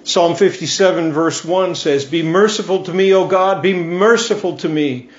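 A man preaches a sermon in an earnest, measured way, slowing down to dwell on scripture refrains. His voice sits a touch high for a man. The recording is roomy and echoey, with a dull, lo-fi sound. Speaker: priest.

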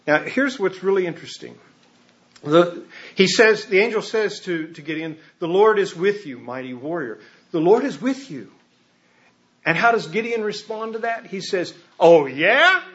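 Give me a male pastor preaching a chatty, animated sermon, his voice fairly high and the sound muffled. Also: normal speed, pauses often. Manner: animated, conversational preaching with asides. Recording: muffled lo-fi recording.

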